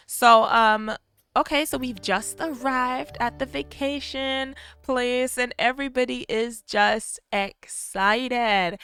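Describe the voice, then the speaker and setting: A woman's voice: on the high side, a bit bright, clean tone, no echo, studio quality. A woman casually narrating her gameplay, chatty and easily delighted as she describes what her characters are doing. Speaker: gameplay video creator.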